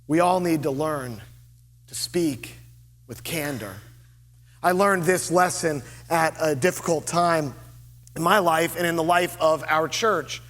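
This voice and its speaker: A man preaching a sermon as lead pastor, earnest and deliberate, with dramatic pauses. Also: on the high side, fairly bright tone, big-room sound. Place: church sanctuary.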